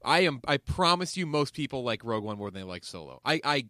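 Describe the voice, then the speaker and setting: A young man hosting a casual podcast, animated and casually swearing as he steers the talk. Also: mid-range voice, quick pace, no echo, clean studio sound. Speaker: podcast host.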